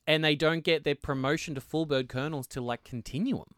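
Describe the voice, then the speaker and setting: A man's voice: fairly high pitch, fairly even intonation, brisk, a bit bright, no echo, studio quality. A man co-hosting a podcast in casual chat, thinking aloud and rambling with lots of fillers. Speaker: podcast co-host.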